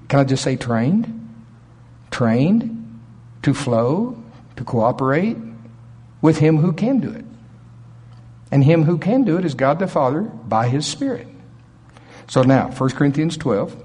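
A man preaching a sermon in an animated way, acting out voices with sudden jumps in pitch. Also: breathy edge.

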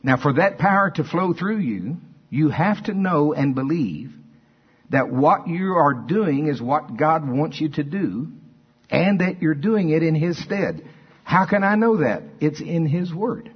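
A man preaching a sermon, moving between quiet asides and loud, emphatic declarations. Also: fairly high pitch, animated, normal speed, breathy edge. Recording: dull lo-fi church recording.

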